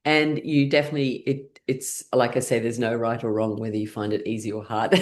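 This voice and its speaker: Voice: mid-range voice, little pitch movement, brisk. Playful laughter class instructor on a video call. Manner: playful, laughs often, leads chants and counts. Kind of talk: online group class.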